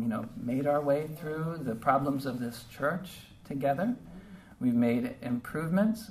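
Heartfelt male pastor, distant mic. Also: medium pitch. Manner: heartfelt, conversational, halting with fillers. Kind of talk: sermon. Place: church service. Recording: distant mic with faint background noise.

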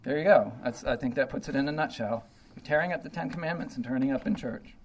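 A man's voice: medium pitch, fast, a little hiss or hum, rough recording. A man giving an informal verse-by-verse Bible teaching, talking conversationally and often paraphrasing God's words in a blunt, sarcastic tone. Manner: conversational, full of "you know" and "okay".

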